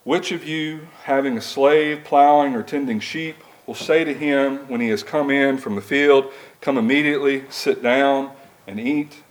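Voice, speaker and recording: A man's voice: mid-range voice, measured pace, poor audio. A male preacher giving a sermon, reading scripture aloud and asking the congregation plain rhetorical questions.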